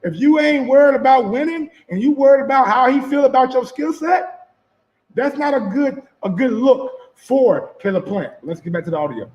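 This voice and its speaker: A man's voice: extremely high pitch, expressive, normal speed, a little mellow, muffled recording. A man commenting casually on boxing footage, loose and profane, repeating himself and putting questions to his viewers. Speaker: sports commentator reacting to footage. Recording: echoey room.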